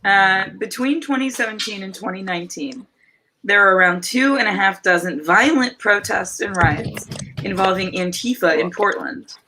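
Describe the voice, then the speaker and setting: Bright-voiced woman reading on a stream. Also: mid-range voice, expressive, moderate pace, a little hiss or hum, poor audio. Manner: jokey, swearing, laughs often. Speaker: livestream reader. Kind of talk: casual chat and mocking book reading. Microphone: video call.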